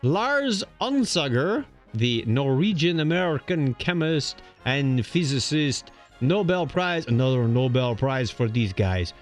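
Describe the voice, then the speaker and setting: A man co-hosting a podcast, reading this-day-in-history items in a joking, animated way. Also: medium pitch, soft background music. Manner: animated, joking, quick to laugh. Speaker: podcast co-host.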